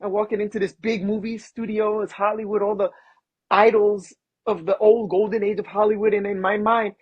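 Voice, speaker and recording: Husky man telling animated stories. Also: high voice, a little fast, no room sound, lo-fi sound. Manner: animated storyteller who acts out quotes. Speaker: guest, film producer and actor. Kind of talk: casual interview storytelling.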